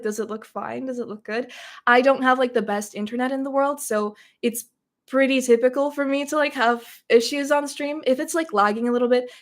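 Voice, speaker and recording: A woman from Russia hosting a casual livestream Q&A, chatting a little nervously as she reads viewer comments aloud and answers them. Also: fairly high pitch. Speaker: streamer hosting a Q&A.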